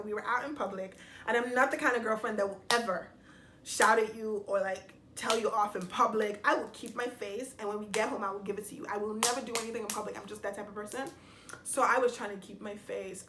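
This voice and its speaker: Young woman vlogger ranting thru a storytime, bright tense voice, echoey room w faint hiss. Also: mid-range voice. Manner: animated, exasperated storytelling, addressing viewers. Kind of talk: storytime vlog.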